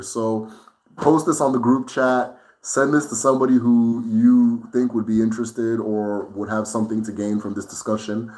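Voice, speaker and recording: A man hosting a casual livestream Q&A, speaking conversationally and often checking in with "right?". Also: on the low side. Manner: relaxed and unhurried, with fillers and restarts while thinking. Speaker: host answering viewer questions.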